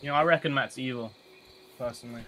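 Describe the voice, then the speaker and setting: A man's voice: mid-range voice, fast, a bit bright, a little hiss or hum. A man teasing his friends in casual game chat and laughing a lot.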